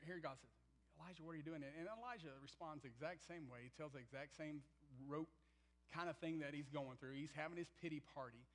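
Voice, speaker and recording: Male pastor, fairly high voice, emphatic sermon delivery with loud and hushed swings. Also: rough recording. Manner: emphatic, swings from loud to near-whispered, acts out quotes.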